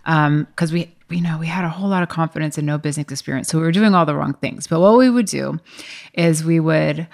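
Low creaky-voiced woman telling a story. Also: fast. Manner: animated, self-deprecating, laughs often. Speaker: guest, wine business co-founder. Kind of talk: storytelling interview talk.

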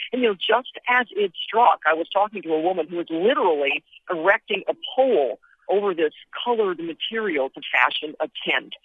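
A woman's voice: medium pitch, breathy edge, dry recording. A woman correspondent giving a live field report by phone, describing events vividly and with frequent fillers. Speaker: foreign correspondent. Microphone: telephone. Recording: tinny phone line.

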